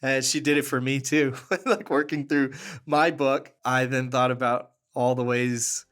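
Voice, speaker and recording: A man's voice: medium pitch, measured pace. Earnest man telling stories, laughing often. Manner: animated, laughs often mid-sentence; earnest, warm, with fillers and restarts. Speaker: podcast guest. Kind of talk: conversational storytelling.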